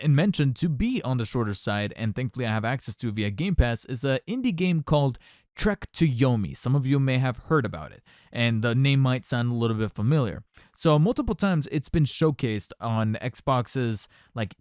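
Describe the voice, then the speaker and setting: A man's voice: mid-range voice, a little mellow, no room sound, studio quality. A man hosting a solo podcast, talking casually and candidly, rambling with restarts and asides. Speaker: podcast host. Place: home recording setup.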